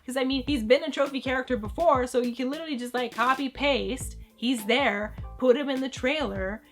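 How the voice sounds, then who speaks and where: A woman chatting excitedly about video games in a casual vlog, jumping between jokes and hype. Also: sits high, normal speed, hardly any pauses, soft background music. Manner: excitable, animated, jokey. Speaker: gaming vlogger.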